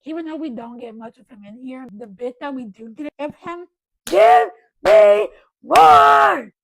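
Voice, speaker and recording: Excitable young woman gushing about books. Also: sits high, brisk, a little hiss or hum, low-quality recording. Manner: gushing, excitable, bursts of loud enthusiasm. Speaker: book vlogger. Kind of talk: casual chat.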